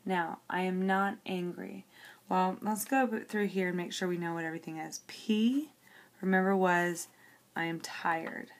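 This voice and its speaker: Slow, low-pitched woman teaching step by step. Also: steady tone. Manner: step-by-step explaining, checking in with "okay". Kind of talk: classroom lesson, working an example on paper.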